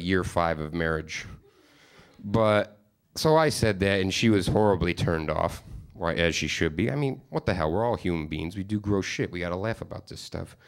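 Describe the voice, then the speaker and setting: A man's voice: sits low, lively intonation, normal speed, smooth. A man in his thirties from upstate New York, telling rambling, profane, self-deprecating stories in a stand-up comedy set.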